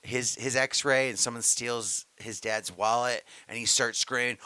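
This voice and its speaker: Lively, bright-voiced young man telling stories. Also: mid-range voice, normal speed, hardly any pauses, clear, resonant tone, no room sound. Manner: animated storyteller, stammers and acts out quotes. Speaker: podcast co-host. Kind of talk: casual comedic chat.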